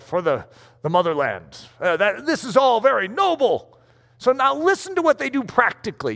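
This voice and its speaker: A man with a high voice preaches a sermon in a large hall, and his words ring out with long reverb. He speaks with emphasis and acts out the voices of the people he quotes. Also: gravelly, a bit bright.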